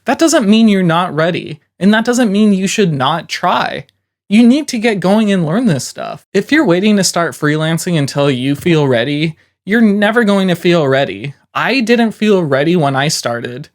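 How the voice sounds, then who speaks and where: A man's voice: sits high, animated, moderate pace. A man who works as a voiceover artist, giving encouraging, conversational advice to beginner freelancers with frequent "you know"s.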